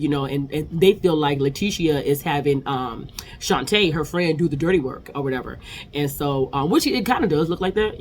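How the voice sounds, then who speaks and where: A woman's voice: low voice, slight background noise. A woman in her forties giving a chatty, opinionated casual recap of reality TV episodes.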